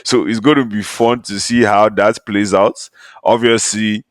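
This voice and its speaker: Male podcast co-host, very low voice, dry close sound, slangy and animated. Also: measured pace, dry recording. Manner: slangy, animated, laughs while talking. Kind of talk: casual podcast chat.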